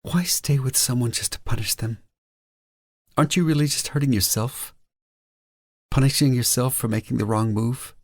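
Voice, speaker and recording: Man voicing a gentle, earnest young woman. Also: mid-range voice, normal speed, pauses often, no echo, clean studio sound, voice pushed up, lightly acted. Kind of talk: audiobook character voice.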